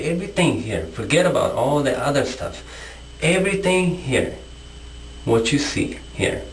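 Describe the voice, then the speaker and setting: Male vlogger, combative rant to camera, lively swinging pitch, echoey room. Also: a little hiss or hum. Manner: confrontational, repetitive, rhetorical questions. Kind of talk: impassioned monologue to camera.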